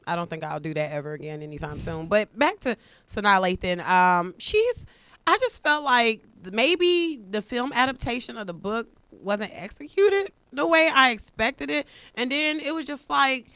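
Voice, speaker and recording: A woman co-hosting a podcast in casual chat, blunt and animated, slipping into mocking voices. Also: a little high, moderate pace, dry recording. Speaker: podcast co-host.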